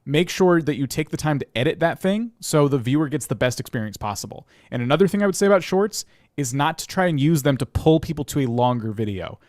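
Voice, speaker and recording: Relaxed man giving advice. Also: a little high, fast, no echo, studio quality. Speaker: co-host reviewing channels. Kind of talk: livestream casual chat.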